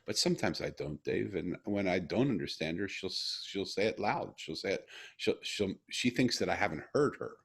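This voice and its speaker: Husky low-voiced man telling a story. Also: moderate pace. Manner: earnest, animated when retelling. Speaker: guest. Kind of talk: casual conversation, storytelling.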